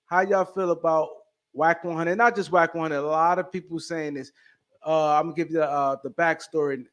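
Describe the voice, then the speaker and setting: A man hosting a casual podcast with a slightly raised pitch. He talks in a relaxed, conversational way and leads the discussion from one topic to the next. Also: fairly quick. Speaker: podcast host. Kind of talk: casual chat.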